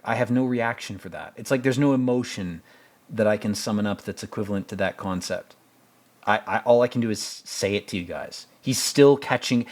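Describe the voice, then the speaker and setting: A man hosting a casual film commentary, rambling and stammering with joking asides. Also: mid-range voice. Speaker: host.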